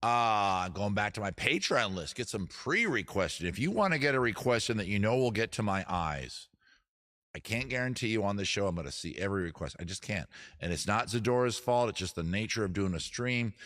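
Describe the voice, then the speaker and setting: Bright-voiced man rambling on a livestream. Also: fairly low pitch, lively intonation, fairly quick. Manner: rambling, jokey, self-deprecating. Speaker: host of a music livestream. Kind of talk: casual livestream chat.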